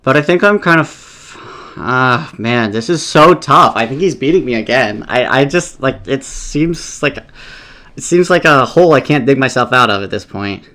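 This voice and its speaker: Man, gamer voice, mid-range pitch, casual rambling play-by-play, swears a lot. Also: expressive, moderate pace, sharp tone. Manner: thinking aloud, casual and rambling; swears often, exasperated. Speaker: competitive game player. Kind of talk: live gameplay commentary.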